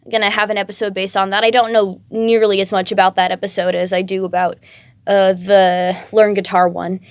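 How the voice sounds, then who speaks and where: A woman's voice: mid-range voice, level tone, brisk, no echo. A tired woman casually chatting to her viewers, rambling with lots of fillers, her voice cracking a bit. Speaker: fan-fiction creator.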